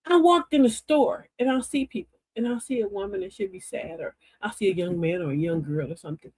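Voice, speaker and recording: A woman's voice: mid-range voice, a little fast, a little mellow, breathy edge, no echo. An older woman hosting a live stream, giving a folksy, preachy, uplifting talk straight to her chat viewers.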